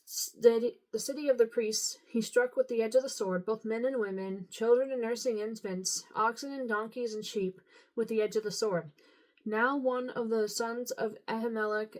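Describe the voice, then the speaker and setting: Woman, slightly high voice, casual scripture reading, unpolished, trips over names. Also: darkish tone, low-quality recording. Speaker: Bible reader.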